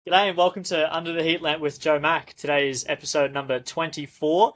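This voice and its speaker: An Australian man hosts a casual podcast chat in a somewhat high voice. He talks in an easygoing, blunt way and swears freely. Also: flat delivery, brisk, few pauses, a bit bright. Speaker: podcast host.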